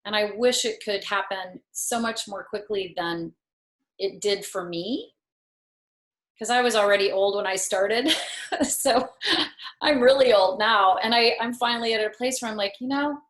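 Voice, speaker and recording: Speaking at a normal pace in a mid-range voice, a woman in her fifties who teaches yoga tells a personal story as a talk-show guest. Her tone is earnest and reflective, with mild self-mockery, and the room echoes.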